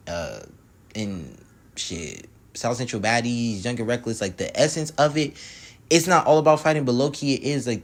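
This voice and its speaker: A man recapping a reality show episode in casual, rambling commentary, full of slang and asides to the viewer. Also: medium pitch. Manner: slangy, rambling, keeps asking "you feel me". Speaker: YouTube reality-show reviewer.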